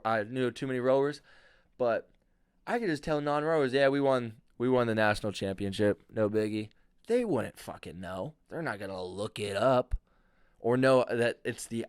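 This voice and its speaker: A man's voice: mid-range voice, clear, resonant tone, dry recording, clean studio sound. A young man hosting a casual solo podcast, ranting sarcastically and swearing freely. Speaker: podcast host.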